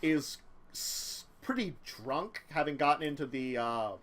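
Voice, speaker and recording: A man narrating as game master of a tabletop game, relaxed and halting, with many fillers. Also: a little high, slight background noise.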